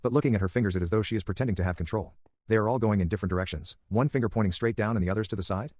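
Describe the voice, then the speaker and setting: Male horror story narrator, fast matter-of-fact read, lowish voice, dry close recording. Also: darkish tone, no room sound. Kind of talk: scripted narration.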